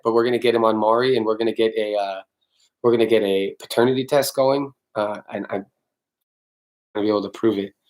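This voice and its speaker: Man, dog trainer, live stream Q&A, blunt, swears a lot, casual. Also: mid-range voice. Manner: blunt, swears freely, answers viewers by name.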